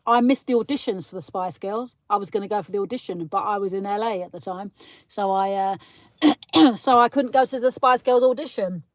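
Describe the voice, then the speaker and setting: Speaking a little fast in a mid-range voice, this livestream host from Britain chats casually and rants as she responds to viewers' comments. The recording has no echo.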